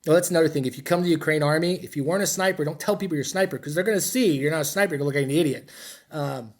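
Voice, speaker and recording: A man's voice: fairly high pitch, rapid-fire. A middle-aged American man, a military veteran, telling war stories in a rambling, blunt, profane and self-mocking way. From United States. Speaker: podcast guest, military veteran. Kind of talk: casual interview storytelling.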